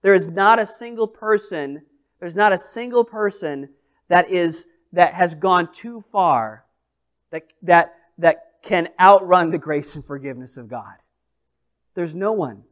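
Guy preaching slow and deliberate, leans hard on each phrase, asks the room questions. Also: high-pitched, a bit bright. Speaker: pastor. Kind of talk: sermon.

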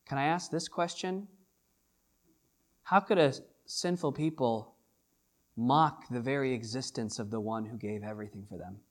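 A man preaching a sermon as pastor, swinging between hushed lines and loud, drawn-out emphasis. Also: mid-range voice.

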